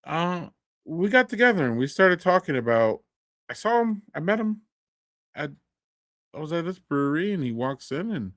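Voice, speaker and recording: A man hosting a casual live stream chat, folksy and animated. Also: on the high side, moderate pace, no echo, studio quality. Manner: animated, folksy, says y'all. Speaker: podcast host.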